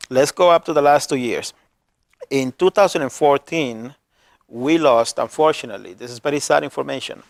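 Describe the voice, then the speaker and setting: A man with a non-native accent hosting a community TV program as a health worker, earnest and emotional, halting often to restart his words. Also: medium pitch, vocal fry, dry recording. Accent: non-native English accent.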